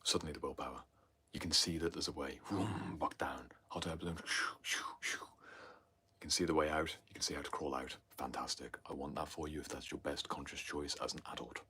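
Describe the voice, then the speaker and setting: A man hosting a livestream Q&A, talking intensely and often sinking into a breathy near-whisper, then rising to loud emphasis. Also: very deep voice, steady tone, brisk. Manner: swings between loud emphasis and hushed asides. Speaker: host answering viewer questions. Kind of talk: livestream Q&A talk.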